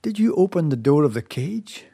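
A man's voice: on the high side, very animated, normal speed, vocal fry, dark tone, husky, exaggerated voice. A man voicing an anxious young mother who speaks tenderly and then scolds sharply. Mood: reproachful.

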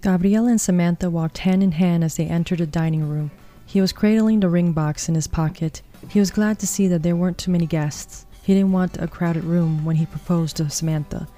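A woman reading a story aloud in a calm, even way. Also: lowish voice, fairly quick, faint music behind. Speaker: narrator. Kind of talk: storybook narration.

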